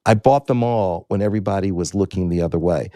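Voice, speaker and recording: A man's voice: low voice, fast talker, warm tone, dry recording, clean studio sound. A man in his sixties from the United States, a guest in an interview, telling his business story and repeating his key points for emphasis.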